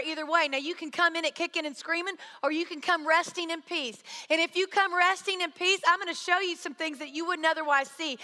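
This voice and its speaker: A woman delivers a sermon, moving through a personal story and acting out the voices of those she quotes. Her voice sits high and bright. A long reverb trails each phrase, as in a large hall. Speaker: speaker.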